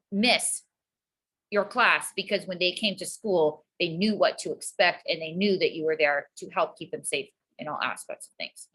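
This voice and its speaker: Earnest woman teacher, bright voice. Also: lowish voice, poor audio. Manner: earnest, calm, explanatory. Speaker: teacher, guest. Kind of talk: casual interview answer.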